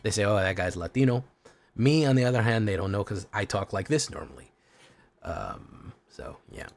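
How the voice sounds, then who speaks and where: Casting: laid-back, slightly low-voiced male streamer, rambling chat and casual swearing. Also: very animated, moderate pace, gravelly, a little mellow. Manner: chatty, rambling, swears casually, thanks viewers. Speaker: game streamer.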